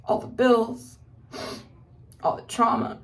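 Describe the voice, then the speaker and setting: A woman's voice: a little high, level tone, slow. A woman speaking as a mother in a casual personal vlog, telling her family's story candidly with many "like" fillers. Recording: voice somewhat distant from the mic.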